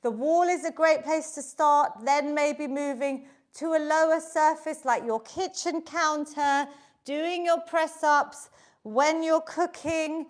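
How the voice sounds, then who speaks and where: Here a high-pitched woman acts as fitness instructor for a live online exercise class. She counts reps aloud as she exercises along, sounding upbeat and encouraging.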